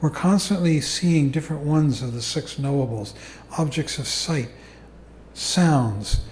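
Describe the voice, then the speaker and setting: A man giving a calm, unhurried dharma talk as a meditation teacher to a group. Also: fairly high pitch, slight background noise. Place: meditation hall. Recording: echoey room recording.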